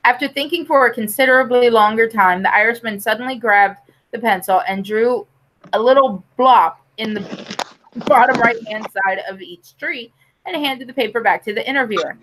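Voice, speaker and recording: A woman's voice: fairly high pitch, moderate pace, fairly bright tone, poor audio. Woman reading jokes aloud. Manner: reads jokes with quoted voices. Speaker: joke teller on a group call.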